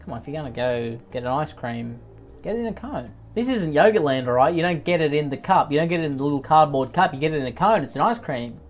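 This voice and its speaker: A man doing comedic commentary on read-out posts, reacting in exaggerated rants with sudden loud outbursts. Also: a little high, animated, fast talker, hardly any pauses, dull audio.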